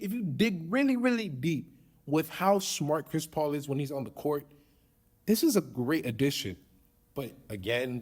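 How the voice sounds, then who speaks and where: A man's voice: medium pitch, a little mellow. A man hosting a podcast in casual sports talk, emphatic and opinionated, often repeating his points. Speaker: podcast host.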